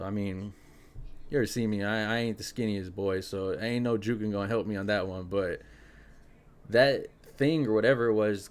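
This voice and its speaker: Young guy on his podcast telling a creepy story, kinda low voice, animated, says "like" a lot. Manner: animated, fillers like "like" and "yo". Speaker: podcast host. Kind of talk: casual spooky storytelling.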